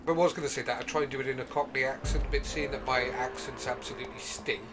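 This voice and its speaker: A man's voice: mid-range voice, steady tone, fast. A man in his forties streaming a video game, chatting casually with joking, self-deprecating asides. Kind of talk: casual gameplay commentary. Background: game music.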